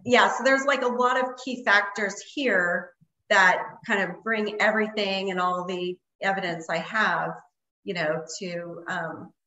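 A woman's voice: medium pitch, fairly even intonation, a little slow, sharp tone, echoey room, poor audio. A woman guest telling a story in casual conversation, rambling with lots of fillers. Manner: rambling, many fillers like "like" and "you know". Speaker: interview guest.

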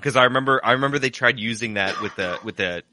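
A man's voice: mid-range voice, quick pace, background noise. A man co-hosting a livestream, rambling through casual commentary with frequent restarts. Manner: rambling, restarts, mock impressions. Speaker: livestream co-host.

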